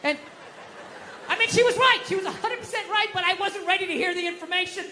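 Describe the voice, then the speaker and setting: Man, middle-aged, stand-up comedian, profane ranting, forceful bright tone, long hall reverb. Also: extremely high pitch, fast talker, a faint crowd. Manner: profane, ranting, bursts into shouting. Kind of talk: stand-up storytelling. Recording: live hall reverb, faint noise.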